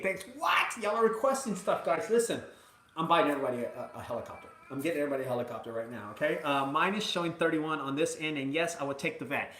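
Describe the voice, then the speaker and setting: A man hosting a live video from his mother's house, chatting casually and excitedly to viewers, rambling between hype and emotion. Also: fairly high pitch, fast, roomy sound. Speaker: junk removal business owner hosting a live video.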